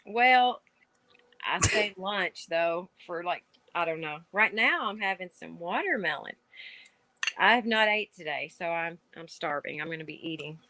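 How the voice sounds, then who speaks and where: A woman's voice: lowish voice, lively intonation, unhurried, bright, forceful tone, no room sound. A woman from Kentucky with a Southern accent, talking casually as a guest on a live stream call, rambling with lots of "like". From Kentucky, USA. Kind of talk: casual chat. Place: outdoor patio at night.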